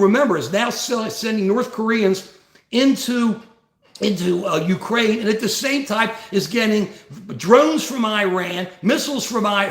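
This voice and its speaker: A man's voice: high voice, fairly bright tone. A man hosting a political commentary livestream, talking with passion, asking rhetorical questions and often repeating his words. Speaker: livestream host. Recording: echoey room.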